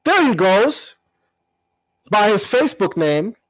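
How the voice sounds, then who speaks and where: A man with a high, bright speaking voice, recorded dry and close to the mic. He answers a critic in a combative commentary, repeating his key words for emphasis. His tone stays lively and pointed. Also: a little slow, pauses often, no room sound, low-quality recording. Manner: animated, combative, emphatic repetition. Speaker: channel host. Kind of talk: confrontational commentary vlog.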